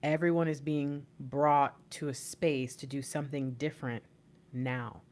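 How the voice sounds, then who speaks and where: A young woman giving a live intuitive tarot reading into a plugged-in microphone, excitable and often repeating herself. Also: extremely low pitch, measured pace. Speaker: tarot reader.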